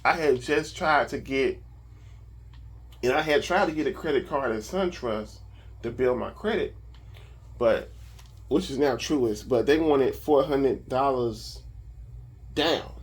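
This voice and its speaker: A man casually telling a story about his own life, animated and full of profanity. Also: mid-range voice, slow pace, long pauses, slightly rough. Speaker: vlogger.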